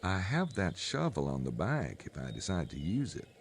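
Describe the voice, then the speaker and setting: A wry, deep-voiced detective. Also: male voice, huge pitch swings, moderate pace, a little hiss or hum, heavily acted. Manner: dry, sardonic drawl. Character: wry American male detective hero. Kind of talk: video game voice acting.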